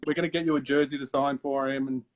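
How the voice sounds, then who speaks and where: An older Australian man hosting a casual live interview over a video call, friendly and quick to laugh, calling his guest mate. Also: medium pitch, steady tone. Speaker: host.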